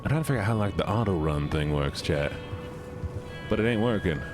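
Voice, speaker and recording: A man's voice: low-pitched, expressive, brisk, over music. A young man casually chatting with his live-stream audience while gaming, joking and swearing.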